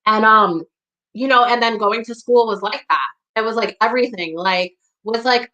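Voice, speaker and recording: A young woman from the New York area speaking candidly in conversation, blunt and profane, with a steady stream of "like" and "you know". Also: on the high side, moderate pace, muffled recording. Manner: blunt, profane, heavy use of "like".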